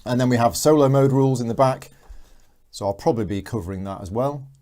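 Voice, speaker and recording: Chatty man with a mellow voice. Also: medium pitch, fast. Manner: chatty, reads viewer comments aloud. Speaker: board game channel host. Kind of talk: live unboxing chat.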